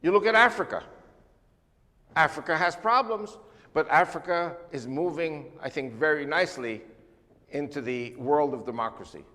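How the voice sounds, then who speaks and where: Older male guest speaker, high-pitched voice, emphatic lecturing, reverberant church hall. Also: normal speed. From United States. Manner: emphatic, animated lecturing with sweeping lists. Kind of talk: church talk on world politics.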